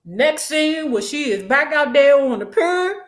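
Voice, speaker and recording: A woman giving a sassy, slangy, animated recap of a TV episode. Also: high voice, measured pace. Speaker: show recap host. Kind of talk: casual recap commentary. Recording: echoey room.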